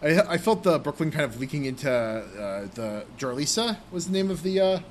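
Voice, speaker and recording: A man's voice: on the high side, sing-song, normal speed, slight background noise. A young man co-hosting a casual podcast about role-playing games, rambling with many fillers. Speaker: podcast co-host.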